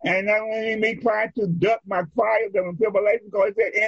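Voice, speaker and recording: A male preacher giving a sermon in a rhythmic, drawn-out style, calling for responses from his congregation. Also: high voice, steady tone, vocal fry, husky, no echo. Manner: rhythmic, drawn-out phrasing, leads the congregation in repeating lines. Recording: dull lo-fi recording.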